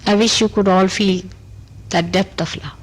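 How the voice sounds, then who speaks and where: A woman's voice: normal speed, poor audio. A woman with an Indian accent gives a spontaneous spiritual talk on an old tape recording, answering questions emphatically and repeating "you see". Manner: animated and emphatic, pitch rising on key points; speaks in short repeated phrases with "you see". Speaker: spiritual teacher.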